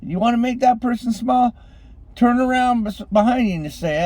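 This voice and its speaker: A man giving an impassioned motivational monologue, swinging between loud exhortation and hushed intensity, calling on the listeners as ladies and gentlemen. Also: extremely high pitch, a little fast, no echo. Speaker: street preacher-style motivational speaker.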